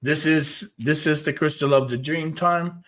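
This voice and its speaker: A man's voice: fairly high pitch, fairly even intonation, measured pace, a bit bright. Emphatic man hosting a spiritual talk show. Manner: emphatic, repetitive, argues with viewers. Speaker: host.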